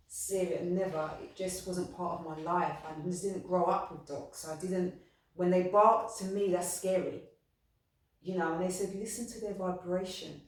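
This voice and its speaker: A woman's voice: fairly low pitch, darkish tone. A woman talking earnestly about spirituality, rambling and repeating herself with frequent restarts. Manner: heartfelt, repetitive, rambling with restarts. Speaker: spiritual medium. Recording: echoey room, distant mic.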